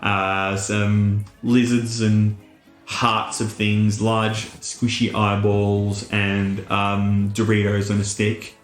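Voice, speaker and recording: A man's voice: on the low side, flat delivery, slow, roomy sound, soft background music. A man narrating a tabletop game as game master in a loose, casual way. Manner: laughing, loose and casual, many fillers.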